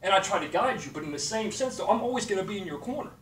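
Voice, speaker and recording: Man, high voice, blunt and profane motivational rant, recorded from a distance with a faint hiss behind. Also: expressive, very fast, a bit bright. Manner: blunt, profane, repeats "okay" and "period". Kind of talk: motivational monologue. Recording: echoey room, distant mic, faint noise.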